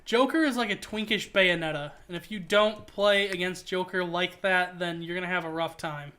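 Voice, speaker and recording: Rambling and joking mid-game, this streamer keeps the chat loose and lively. The voice is medium in pitch and moves at a normal speed.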